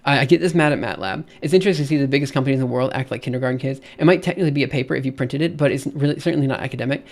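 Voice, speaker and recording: A streamer with a mid-range voice and vocal fry reads a research paper aloud in rapid-fire bursts with few pauses. He rants casually and in exasperation, repeating himself and restarting often.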